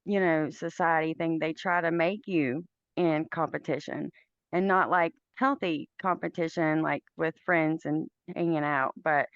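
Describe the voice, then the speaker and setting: A woman hosting a podcast, chatting in a relaxed, easygoing way. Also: sits low, unhurried, no room sound, muffled recording. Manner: relaxed, chatty, uses fillers. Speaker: podcast host. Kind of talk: casual podcast conversation.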